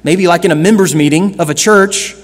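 Pastor, male, high voice, earnest sermon delivery, long hall reverb. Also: fairly quick. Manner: earnest preaching, shifting between loud emphasis and hushed lines.

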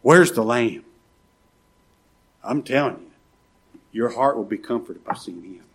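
Male pastor, sermon delivery, husky and impassioned, very animated pitch. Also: measured pace. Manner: impassioned, rising to pleading cries. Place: church.

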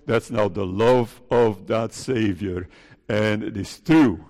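A man's voice: lowish voice, slow pace, a little mellow, long reverb tail. A male pastor preaching an earnest sermon, pleading and putting questions to his congregation. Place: church.

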